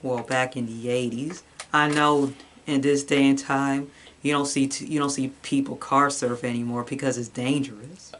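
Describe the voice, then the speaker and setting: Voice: medium pitch, steady tone, normal speed, a bit bright. A co-host in a casual movie review, making plain remarks and short agreeing replies.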